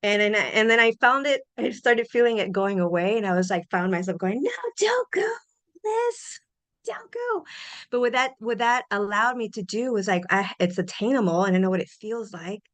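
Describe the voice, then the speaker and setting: A middle-aged woman hosting a podcast, sharing personal reflections in an earnest, animated way with frequent restarts. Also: mid-range voice, brisk, few pauses. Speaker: podcast host.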